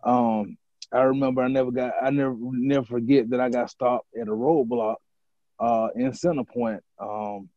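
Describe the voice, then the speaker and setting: A man co-hosting a podcast, sharing a story in a measured, casual way. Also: medium pitch, level tone, dry recording. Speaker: podcast co-host. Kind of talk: casual conversation. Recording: dry, dull lo-fi podcast audio.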